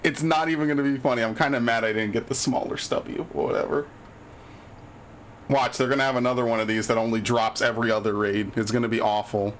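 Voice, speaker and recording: Live-streaming a game, a man with a fairly low, level voice comments fairly quickly in a slightly bright tone, over a little hiss or hum. Easily frustrated, he swears freely and sarcastically complains about his bad luck.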